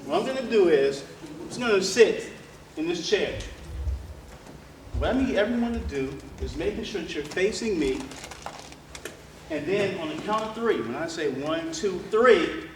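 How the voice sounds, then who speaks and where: Male motivational speaker, lively crowd storytelling, fairly high voice, caught from afar in a roomy hall with audience noise. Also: normal speed, distant mic. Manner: animated, joking, addresses crowd directly. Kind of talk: storytelling speech to a live audience. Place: large room with an audience.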